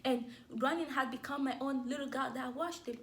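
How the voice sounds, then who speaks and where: A woman's voice: high-pitched, a little fast. A young adult woman sharing a personal faith testimony in a candid, emotional way, with light laughs between her words.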